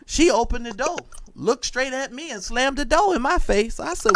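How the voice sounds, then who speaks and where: A man on an online call, casually telling stories in an animated, profane way and talking straight to listeners. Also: very high voice, moderate pace. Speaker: show co-host. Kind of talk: casual storytelling chat.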